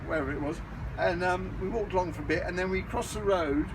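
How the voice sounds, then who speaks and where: A man's voice: high voice, quick pace, background noise. A middle-aged man, chatting to camera in a rambling, jokey way, outdoors at a community garden and filmed by a friend. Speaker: vlogger. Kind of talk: casual chat to camera. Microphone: camera held by a friend filming.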